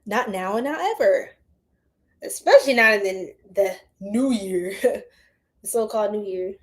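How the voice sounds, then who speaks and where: A woman's voice: mid-range voice, animated, a little slow. A woman giving a casual psychic tarot reading to her viewers, chatty and full of slang, often laughing.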